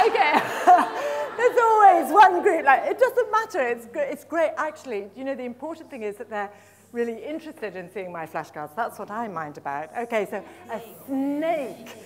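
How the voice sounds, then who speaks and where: A middle-aged woman leading a live teacher-training workshop in a conference room, lively and encouraging, praising the audience and drawing out words slowly as she repeats them. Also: high-pitched. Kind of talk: live workshop demonstration of storytelling with flashcards.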